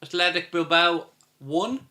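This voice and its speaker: A man's voice: sits high, measured pace, bright, forceful tone. A man from Ireland with an Irish accent, hosting a live football watchalong and chatting through viewer questions. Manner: chatty, reads out viewer questions and answers them. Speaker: host.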